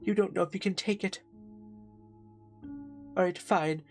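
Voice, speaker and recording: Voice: medium pitch, steady tone, unhurried, faint music behind, lightly acted. A streamer voicing a bitter, jealous lover. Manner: bitter and sarcastic. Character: lonely, jealous partner craving love. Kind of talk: voicing a game character.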